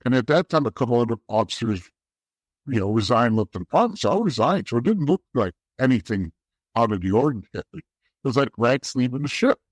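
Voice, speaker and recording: In a dry recording with no echo, a man from the US East Coast speaks as an interview guest. He has a medium-pitched, sing-song, brisk voice and recounts his story frankly and profanely, frequently starting over.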